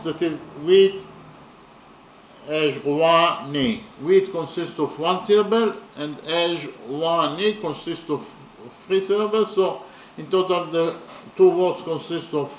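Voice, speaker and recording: A man talks through a poem in a careful, unhurried lecture, stopping often to count and restate each point. His voice sits a little high and moves very slowly. The sound rings in a reverberant room with a faint hum of ambience. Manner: slow and methodical, with many pauses and fillers. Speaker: lecturer on poetry. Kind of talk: slow explanatory lecture.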